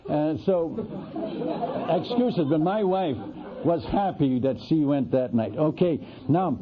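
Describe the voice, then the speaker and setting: A man, a missionary preacher, tells a story from the pulpit in an animated, folksy way, often restarting his sentences. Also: on the high side, slow pace, a faint crowd. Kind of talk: storytelling sermon. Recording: tinny, lo-fi radio broadcast.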